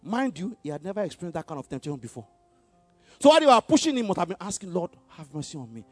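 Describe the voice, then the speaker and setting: A man preaching a sermon in call-and-response style, having the congregation repeat lines, shifting between loud exhortation and quiet asides with frequent chuckles. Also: high-pitched, very animated, fast talker, dry recording, faint music behind.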